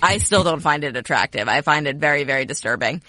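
A woman co-hosts a sports podcast in a casual back-and-forth. She makes wry, sarcastic asides. Her voice is bright and crisp, and it is recorded close with no room sound. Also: low voice, animated, fast talker, no echo. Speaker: podcast co-host.

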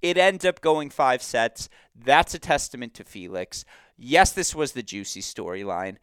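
A male podcast host breaks down matches in casual, animated chat. His voice is bright and smooth, with lively swings in pitch. The sound is dry and close. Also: no echo. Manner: animated and emphatic, quick to laugh. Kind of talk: casual sports-analysis chat.

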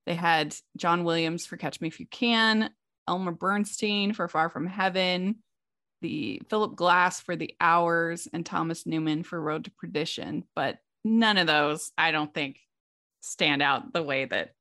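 A woman hosting a casual film discussion, chatty and quick to laugh. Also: fairly low pitch, sharp tone. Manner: chatty, laughs often, many restarts. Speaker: podcast host.

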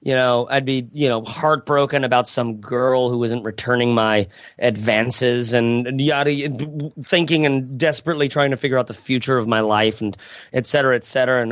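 A man's voice: mid-range voice, normal speed, no echo, studio quality. A man speaking as a podcast guest in casual conversation, rambling and reflective with many restarts and asides.

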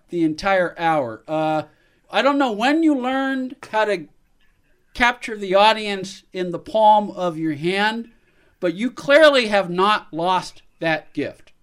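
A man hosting a show, coming back from a break and warmly praising his guest. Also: sits high, smooth. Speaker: show host.

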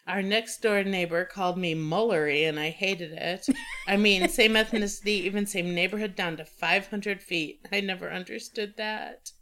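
A woman co-hosting a casual podcast chat, explaining things in an expressive, matter-of-fact way. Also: medium pitch, moderate pace. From United States. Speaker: podcast co-host.

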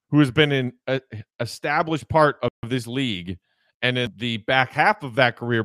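A man hosting a solo sports podcast, talking in an animated, opinionated way with frequent restarts. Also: mid-range voice, no room sound. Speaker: podcast host.

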